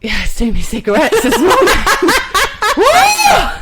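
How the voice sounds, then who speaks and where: A woman's voice: very high voice, huge pitch swings, slow, very noisy. Jokey woman, podcast co-host. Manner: swearing, jokey, laughs often. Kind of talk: casual chat.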